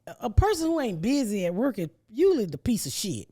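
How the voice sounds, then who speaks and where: Animated high-voiced woman storyteller. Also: quick pace, husky. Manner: animated, profane, laughs often. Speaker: podcast host. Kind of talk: casual storytelling chat.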